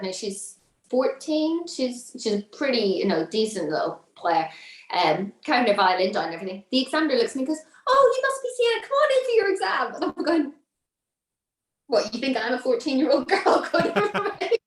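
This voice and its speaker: A woman, a violinist and violin teacher, telling lively stories with frequent laughter as a podcast guest. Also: mid-range voice, recorded from a distance. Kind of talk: casual chat. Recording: roomy echo.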